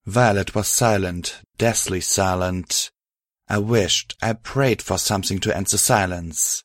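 A man narrating a story aloud in a steady, even storytelling manner. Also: deep voice, a little slow, no room sound, studio quality. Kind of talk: audiobook reading of fan fiction.

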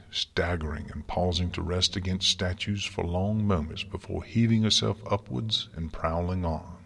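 Deep husky guy reading a story real slow and solemn, long reverb. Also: fairly bright tone. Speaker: story reader. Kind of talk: narrating fan fiction.

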